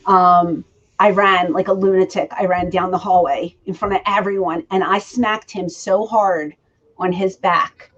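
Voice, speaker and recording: A woman's voice: fairly low pitch, unhurried. A woman in her forties telling stories in an interview, acting out quoted dialogue. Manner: animated storyteller who acts out quoted dialogue. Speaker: interview guest. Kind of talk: storytelling in a shoot interview. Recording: dull lo-fi recording.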